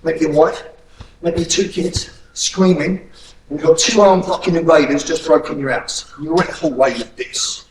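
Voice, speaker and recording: A man's voice: fairly high pitch, normal speed, far from the mic, a little hiss or hum. A man teaching a hands-on self-defence class, blunt and profane, barking drill commands between explanations. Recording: echoey room, voice from afar.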